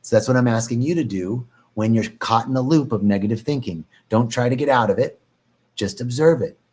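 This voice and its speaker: Calm man leading a meditation talk. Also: medium pitch, brisk, husky. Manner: calm, reflective, repeats phrases, swings into animated mock panic. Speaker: meditation teacher. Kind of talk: spoken meditation talk on a live stream.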